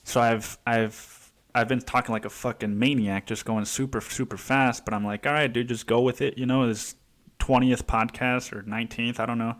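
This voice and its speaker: A man's voice: mid-range voice, fairly even intonation, moderate pace, fairly bright tone. A man in his twenties hosting a casual solo podcast, rambling with heavy swearing and many restarts. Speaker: podcast host.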